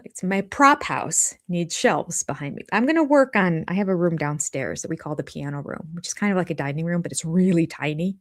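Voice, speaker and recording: A woman's voice: fairly low pitch, expressive, brisk, hardly any pauses. An older woman hosting a live chat from her home, rambling and jumping between topics. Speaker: channel host. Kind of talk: live chat reviewing a reality show. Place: home room.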